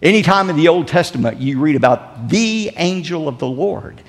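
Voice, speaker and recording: A pastor delivering a sermon with dramatic swings in loudness and emphasis. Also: male voice, expressive, moderate pace, in a large hall. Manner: dramatic preaching with big swings in pitch and volume.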